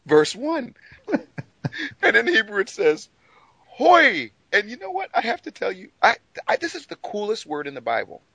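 An animated man whose pitch leaps up and down as he gets excited about a text. He laughs often while he talks, and the close, dry recording has no room sound at all. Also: normal speed, vocal fry, dry recording, rough recording. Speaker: co-presenter. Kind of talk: radio Bible discussion.

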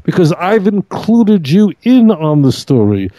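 A man's voice: sits high, very animated, a little slow, warm tone, no room sound, rough recording. A man, a rabbi and co-host, teaching scripture with emphatic, argumentative energy, often quoting others. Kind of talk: animated Torah study discussion. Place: radio studio.

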